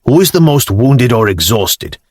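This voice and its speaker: A male narrator voicing a weary, wounded Norse warrior leader who speaks bluntly and gruffly in an audiobook. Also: mid-range voice, big pitch swings, normal speed, dry recording, clean studio sound. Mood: commanding.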